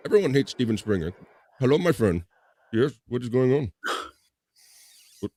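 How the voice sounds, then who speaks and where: A man's voice: mid-range voice, sing-song, moderate pace, pauses often, very noisy. Joking man hosting a live chat. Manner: loose, joking, reads chat aloud. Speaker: livestream host.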